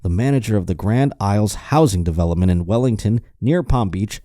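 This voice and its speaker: A male podcast host riffing sardonically and profanely while reading news articles aloud, running low on energy. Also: animated, brisk, hardly any pauses, mellow, dry recording, clean studio sound. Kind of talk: casual comedic podcast chat.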